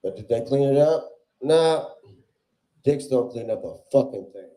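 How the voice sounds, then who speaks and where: Dude doing raunchy standup, cracks himself up, echoey club. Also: male voice, medium pitch, expressive, unhurried. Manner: loud, crude, laughs at own jokes. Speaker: stand-up comedian. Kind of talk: crude stand-up set. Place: comedy club stage. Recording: roomy club echo.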